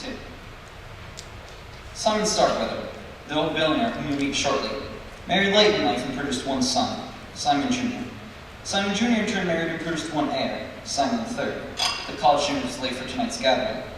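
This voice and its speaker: A man stepping onstage to explain the family tree to a live audience, friendly and slightly hesitant. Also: fairly high pitch. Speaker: stage manager addressing the audience. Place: school theater stage. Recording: echoey hall from far off, hissy.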